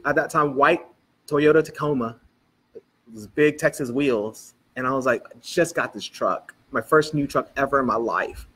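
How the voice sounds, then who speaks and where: A man's voice: a little high, fairly bright tone, breathy edge. A middle-aged man preaching as a pastor, telling a personal story in church and acting out the dialogue as he goes. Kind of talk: storytelling sermon.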